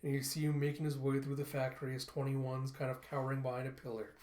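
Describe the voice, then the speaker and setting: A man's voice: mid-range voice, completely flat delivery, fast, darkish tone, reverberant. Man casually narrating a comic. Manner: casual, hesitant, many fillers. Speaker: comic reviewer.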